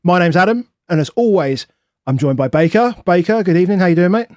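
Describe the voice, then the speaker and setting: A man's voice: high-pitched, quick pace, a little mellow, no echo. A man hosting a podcast, bantering in a friendly, jokey way. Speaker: podcast host. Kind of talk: casual podcast chat.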